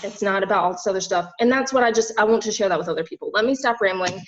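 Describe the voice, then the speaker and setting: A woman's voice: medium pitch, racing, muffled recording, slight background noise. A young woman from the American South who coaches fitness and nutrition. She gives a heartfelt, rambling personal testimony at an info session, full of "like" and "literally.". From Southern United States.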